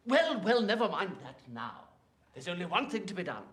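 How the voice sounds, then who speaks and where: An actor playing a flustered Victorian comic actor in rehearsal, theatrical in manner. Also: male voice, high voice, sing-song, moderate pace, a bit bright, reverberant. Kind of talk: period film acting.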